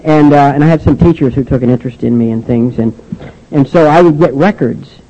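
An older man giving a personal testimony speech about his recovery, halting and restarting often with "and, uh". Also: medium pitch, warm tone. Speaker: speaker sharing his recovery story. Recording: dull lo-fi recording.

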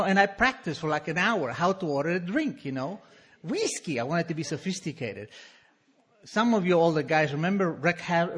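A middle-aged man with an Argentine Spanish accent tells a story to a live audience, animated and self-mocking. His voice sits fairly high for a man and is husky. He is heard through a stage microphone.

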